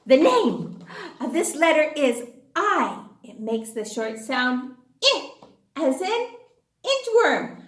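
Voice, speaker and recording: A high, lively woman's voice swoops up and down as she teaches young children their letters and sounds. She speaks very slowly and in a cheerful, exaggerated sing-song, and the room has an echo. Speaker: online phonics teacher. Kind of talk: children's class lesson.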